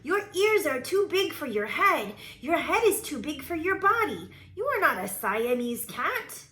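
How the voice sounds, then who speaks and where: A woman voicing an excitable young boy kitten in a storybook read-aloud, with bouncy, playful, sing-song phrasing. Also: high-pitched, normal speed, reverberant, voice pushed up. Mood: excited.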